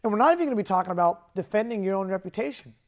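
A man in his thirties preaching a sermon to teenagers as their youth pastor, animated and playful, acting out kids' voices in his stories. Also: high-pitched, very fast.

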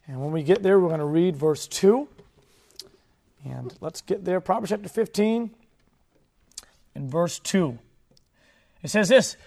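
A man in his thirties preaching a sermon to teenagers as their youth pastor, animated and playful, acting out kids' voices in his stories. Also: fairly high pitch.

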